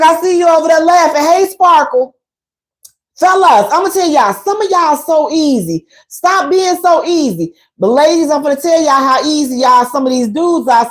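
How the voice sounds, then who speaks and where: A woman hosting a radio show, talking frankly and colloquially to her listeners with a sassy, animated, preachy delivery and dramatic emphasis. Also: very high voice. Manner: colloquial, addresses listeners directly. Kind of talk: frank relationship talk to a live audience.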